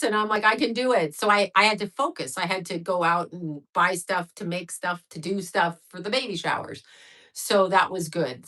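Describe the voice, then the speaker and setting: A woman's voice: on the low side, bright, forceful tone, rough recording. A woman in her sixties hosting a casual livestream, talking candidly and rambling, with frank swearing, and answering viewers' messages as she goes. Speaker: livestream host.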